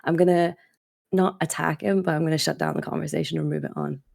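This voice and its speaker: This woman contestant speaks in a deep register with a gravelly fry. She answers plainly and firmly, without hedging. The sound is dry and close to the mic. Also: steady tone, fast talker, darkish tone, no echo. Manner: direct, self-assured. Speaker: game show contestant. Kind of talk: casual answers.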